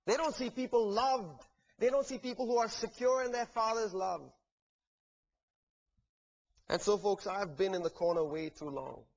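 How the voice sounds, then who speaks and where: A man with a fairly high voice preaches a sermon, earnest and heartfelt. He swings between fervent, ringing peaks and hushed, soft passages. The recording is dull and lo-fi. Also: normal speed, gravelly, pauses often. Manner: earnest, rising to fervent climaxes then dropping soft.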